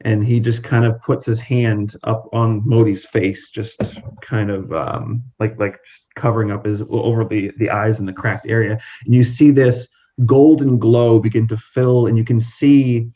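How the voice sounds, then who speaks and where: Halting man narrating a tabletop game. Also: lowish voice, steady tone, mellow, muffled recording. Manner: halting, stammering restarts. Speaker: game master and player. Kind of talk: casual tabletop role-play narration.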